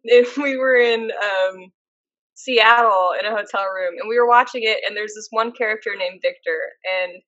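A woman co-hosts a podcast, chatting casually and telling stories with plenty of fillers. Her medium-pitched voice is a little slow, with a bright, forceful tone; there's no echo, though the highs are cut off.

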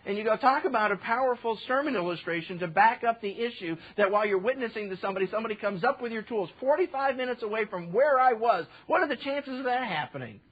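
Guest pastor, high husky voice, lively storytelling sermon, dull lo-fi recording. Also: male voice, brisk, few pauses. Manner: animated storytelling, acting out dialogue.

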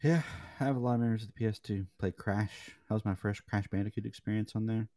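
A young man co-hosting a casual gaming chat, telling animated stories and swearing freely. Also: on the low side, quick pace. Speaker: podcast co-host.

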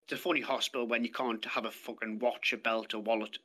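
A British man guesting on a podcast tells his story in a podcast studio, plain-spoken, blunt and swearing heavily in a casual chat. His mid-range voice is husky, bright and forceful, level in tone and quick.

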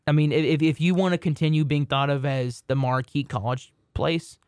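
A young man co-hosting a casual sports podcast, joking and rambling with quick restarts. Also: fairly high pitch, little pitch movement, clean tone, no echo. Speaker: podcast co-host.

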